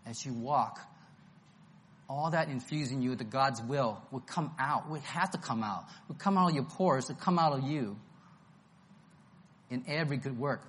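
A man's voice: mid-range voice, moderate pace, pauses often. A man preaching an expository Bible-study sermon, emphatic and enthusiastic, repeating his key phrases.

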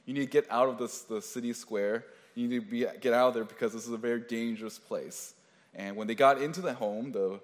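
A male pastor delivering a sermon in a conversational way, often restarting phrases and adding casual asides. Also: medium pitch. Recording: long reverb of a large hall.

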